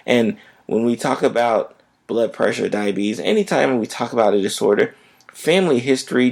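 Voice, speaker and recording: A man's voice: medium pitch, gravelly. A man who is a physician, hosting a health podcast in a casual, conversational way and often checking in with "right?".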